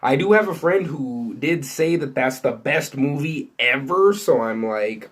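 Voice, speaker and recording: A man's voice: medium pitch, expressive, slow pace, hardly any pauses. A man hosting an entertainment news vlog, talking casually and rambling with many fillers and restarts. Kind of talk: casual unscripted chat to viewers.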